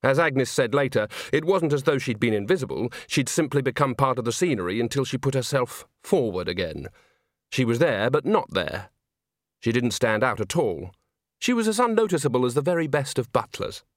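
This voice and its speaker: A man narrating a storybook in a wry, expressive reading voice. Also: medium pitch, moderate pace, dry recording, clean studio sound. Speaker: audiobook narrator.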